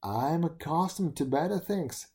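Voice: mid-range voice, animated, normal speed, darkish tone, close to an everyday voice. A huffy proud stag beetle, as the reader puts him on. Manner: indignant, complaining.

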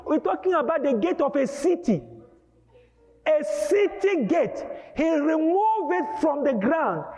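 A male preacher delivering an emphatic, dramatic sermon, breaking into shouts. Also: very high-pitched, very animated, unhurried. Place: church hall. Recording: dull lo-fi with long hall reverb.

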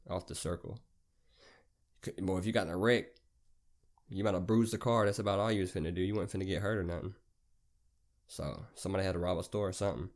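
A man's voice: low voice, a little mellow. A young man hosting a podcast, telling a rambling, profane story full of slang in a casual monologue. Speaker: podcast host.

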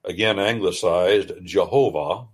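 A man's voice: low voice, a little slow, breathy edge. A male radio host reading and explaining scripture in a folksy, emphatic, preacher-like way. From United States.

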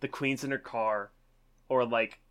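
Bright-sounding guy hosting a podcast, loose and jokey, cusses a lot. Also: mid-range voice, unhurried, clean tone. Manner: animated, laughs often, swears. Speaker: podcast co-host. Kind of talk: casual podcast chat.

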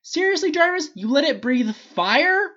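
A cocky male genius in armor crows and wisecracks in a high, excited voice, voiced by a reader. It comes through dull and lo-fi. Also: a little slow, full character voice.

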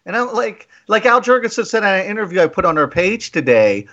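Animated high-voiced man on a podcast. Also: a little fast, hardly any pauses, lo-fi sound. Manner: animated, mocking impressions of commenters. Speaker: podcast co-host. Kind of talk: casual chat.

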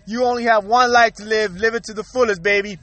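A man's voice: high voice, fairly even intonation, fast talker, pushed and bright, no room sound. A man hosting his own show, delivering a blunt, profane, worked-up rant. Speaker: show host. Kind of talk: ranting monologue.

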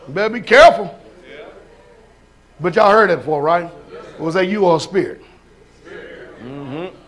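High-pitched animated preacher man. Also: moderate pace, long pauses. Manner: animated, shouting and laughing, acts out voices. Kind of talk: sermon.

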